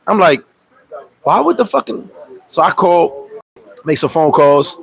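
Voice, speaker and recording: A vlogger living abroad in the Dominican Republic tells a story on his livestream in a fairly high, husky voice with vocal fry, speaking a little slowly. He swears often and acts out the other people involved, animated and profane, though the audio is poor.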